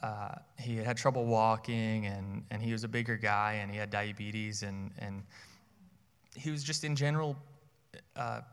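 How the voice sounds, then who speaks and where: A man's voice: lowish voice, steady tone, moderate pace, fairly bright tone, clear, resonant tone. Conversational man preaching in an echoey hall. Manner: conversational, repeats words at starts of phrases. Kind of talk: sermon with personal story.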